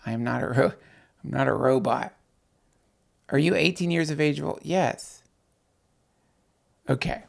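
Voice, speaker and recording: Gravelly rambling livestream host, a man. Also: a little high, unhurried, pauses often. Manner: rambling, profane, excitable, talks to viewers. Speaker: podcast host on a night livestream. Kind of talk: casual rambling livestream chat.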